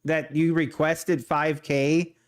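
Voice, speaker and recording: A man's voice: fairly high pitch, level tone, slow pace. A middle-aged man, chatting casually on a trading livestream, laid-back and joking. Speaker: day trading livestream host. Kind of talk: casual live-stream chat.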